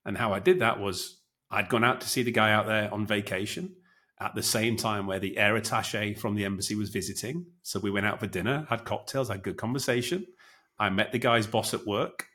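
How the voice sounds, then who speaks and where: A man, a former military officer, telling lively anecdotes in a relaxed podcast conversation. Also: fairly low pitch, brisk. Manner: animated anecdotes with acted quotes.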